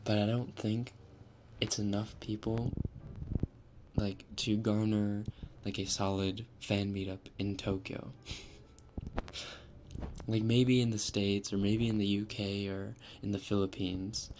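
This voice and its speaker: A man chatting casually with viewers on a live stream, rambling with fillers and soft laughs, sometimes dropping to a whisper. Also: on the low side, little pitch movement, slow pace, pauses often, noisy background. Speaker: ASMR streamer.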